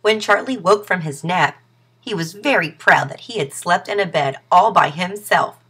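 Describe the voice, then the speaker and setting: Female storyteller for a kids' picture book: expressive read-aloud, bright and airy. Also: lowish voice, moderate pace, husky. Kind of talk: reading a children's story aloud.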